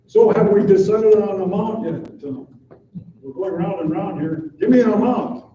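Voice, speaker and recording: A man chairing a council meeting, brisk, calling on speakers and running votes. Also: sits high, warm tone. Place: council chamber. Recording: echoey room, distant mic, muffled, noisy.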